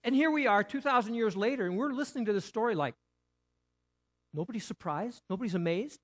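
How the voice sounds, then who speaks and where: Animated male pastor preaching. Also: high-pitched, a little fast. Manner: animated, rhetorical questions and repetition; frequent restarts, conversational. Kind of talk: sermon.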